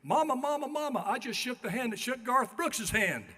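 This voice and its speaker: A man's voice: extremely high pitch, lively intonation, moderate pace, bright, forceful tone, a little hiss or hum, pitched above the performer's own voice, heavily acted. A squealing little boy. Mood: thrilled. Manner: eager, squealing. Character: excited little ten-year-old boy. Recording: banquet hall reverb.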